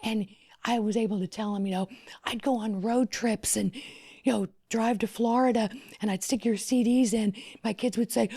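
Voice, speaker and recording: With a breathy, husky voice on the high side, this middle-aged Louisiana wedding planner shares her story on a podcast at an ordinary pace. Her animated telling keeps shifting between hushed near-whispers and excited peaks.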